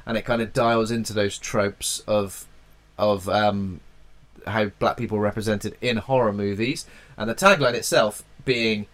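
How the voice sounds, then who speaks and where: A man's voice: on the low side, fairly even intonation, measured pace, a bit bright. A man from England with a cold, co-hosting a podcast in a chatty, joking way and sometimes hunting for words. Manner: chatty, jokey, loose with wording. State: has a cold. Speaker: podcast co-host. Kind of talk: casual podcast chat.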